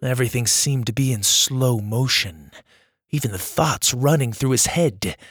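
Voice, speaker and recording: A man reading a children's adventure story as its narrator, in a measured and dramatic storytelling manner. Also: medium pitch, expressive, a bit bright, slightly rough, dry recording.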